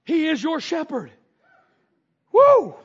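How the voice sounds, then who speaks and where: High-voiced preacher shouting and whooping. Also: male voice, animated, normal speed. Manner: shouting bursts and whoops, then drops to low teaching tone. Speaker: pastor. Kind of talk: sermon. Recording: dull lo-fi sound.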